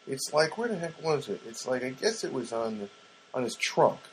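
A man hosts a podcast in a mid-range voice with big pitch swings at normal speed, rambling casually through a story with lots of fillers and restarts while talking right to his listeners. The poor audio carries a little hiss or hum.

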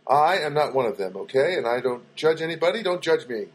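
A man's voice: on the high side, sing-song, brisk, breathy edge. A man hosting his own show from a studio apartment, musing through a rambling comic monologue with lots of fillers and self-corrections. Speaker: host of a comedy web show.

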